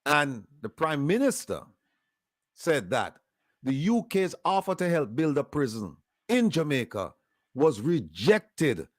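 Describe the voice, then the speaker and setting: A man's voice: a little high, sing-song, takes it slowly, no echo, studio quality. A man hosting a political commentary show, explaining events step by step, reading out news quotes and adding sarcastic asides. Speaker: host.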